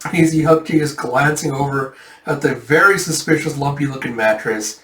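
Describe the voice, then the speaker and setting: A man's voice: on the high side, moderate pace, far from the mic. Man retelling a comic in a roomy space. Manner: animated, laughing retelling. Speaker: reader retelling a manga. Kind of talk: casual comic-book readthrough.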